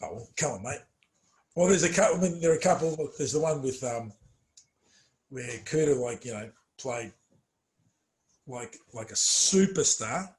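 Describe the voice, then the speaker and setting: A middle-aged former footballer in a casual interview, telling animated stories with many fillers and trailing off quietly. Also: male voice, medium pitch, normal speed, long pauses.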